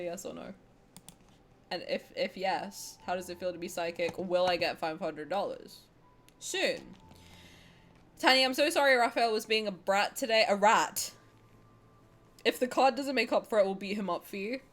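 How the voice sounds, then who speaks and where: Playing a game on stream, a woman with a mid-range voice reads text aloud and reacts with playful sarcasm. She swears and breaks into shouts.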